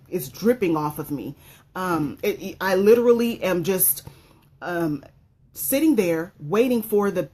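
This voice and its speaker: A woman's voice: medium pitch, darkish tone. A woman giving an emotional personal testimony as a motivational speaker, repeating phrases for emphasis.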